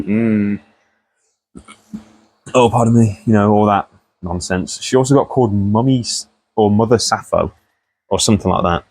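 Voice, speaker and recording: A young man rambling casually through a profane commentary vlog, often laughing at the story. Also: on the low side.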